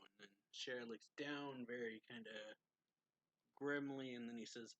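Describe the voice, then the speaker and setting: A man's voice: mid-range voice, fairly even intonation, a little slow, long pauses, bright, forceful tone, no room sound, poor audio. A man casually retelling a manga chapter as a reviewer, with frequent laughs and "he's like" asides. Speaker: anime reviewer.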